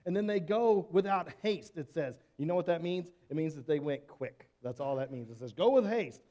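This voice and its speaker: High-voiced man telling a children's Bible story. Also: moderate pace. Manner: animated, casual, asks the listeners questions.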